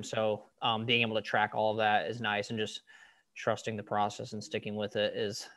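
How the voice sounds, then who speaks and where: A man's voice: on the low side, monotone, moderate pace, pushed and bright, no room sound. A young man who coaches cyclists, chatting on a podcast over a video call and filling his talk with "like" and "you know". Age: young adult. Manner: rambling, full of "like" and "you know". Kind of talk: casual podcast chat.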